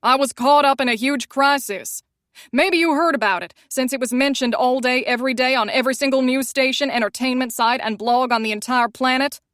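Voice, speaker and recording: A woman's voice: fairly high pitch, fairly quick, no room sound, clean studio sound, natural voice. A woman reading an audiobook, voicing a tired, defensive young man who is a famous musician. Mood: exasperated.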